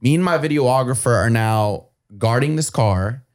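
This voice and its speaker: An animated male storyteller on a podcast, his pitch swinging widely as he acts out what everyone said. His voice sits in a middle register and he swears casually. He talks loose and conversational. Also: normal speed. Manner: acts out quotes with lively swings in pitch and volume.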